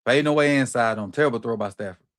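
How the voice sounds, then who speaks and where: A middle-aged man hosting a watch party, calling plays live with excited, slangy reactions. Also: mid-range voice, racing. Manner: excited, animated play-by-play reactions with Southern slang. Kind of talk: live football watch-along commentary.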